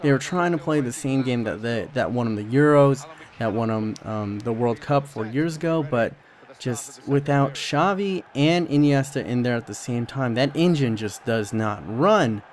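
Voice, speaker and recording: A man's voice: mid-range voice, lively intonation, moderate pace. A young man talks over his football game footage in a loose, chatty way. He rambles, restarts his sentences and fills gaps with ums and uhs, like a channel host chatting to his regular viewers. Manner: rambling, many fillers and restarts. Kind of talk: casual commentary over gameplay.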